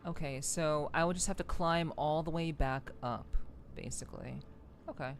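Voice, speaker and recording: Low-voiced congested woman streamer. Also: moderate pace, a little hiss or hum. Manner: friendly greetings, many fillers and doubled words. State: congested, stuffy nose. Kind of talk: casual live-stream chat while gaming.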